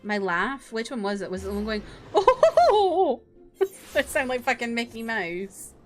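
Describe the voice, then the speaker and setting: A young woman streaming a game, chatting casually, blunt and quick to swear and laugh, with game music behind. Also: fairly high pitch, a bit bright. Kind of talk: casual playthrough commentary.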